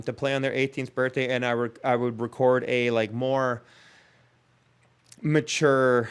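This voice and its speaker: Comedy podcast host, man in his thirties, smooth clear voice, rambling self-mocking storyteller. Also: mid-range voice. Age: 30s. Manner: self-mocking, chuckles through his own stories.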